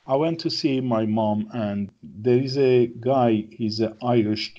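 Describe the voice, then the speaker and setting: A man's voice: medium pitch, takes it slowly, hardly any pauses, warm tone, lo-fi sound. A man from Iran with an Iranian accent, talking as a regular guest in casual chat, in broken English with frequent "yeah?" tag questions.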